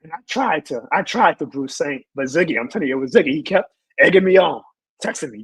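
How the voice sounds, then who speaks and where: A man hosting a casual sports talk show, teasing his co-host in an animated way. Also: on the high side, fast, slightly rough. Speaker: podcast host.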